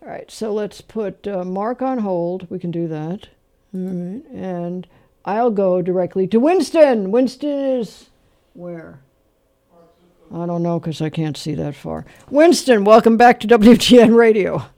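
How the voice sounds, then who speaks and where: A man hosting a call-in music quiz show on radio, telling stories and running the quiz with quick banter. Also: high-pitched, expressive, dark tone, no echo. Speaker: radio host.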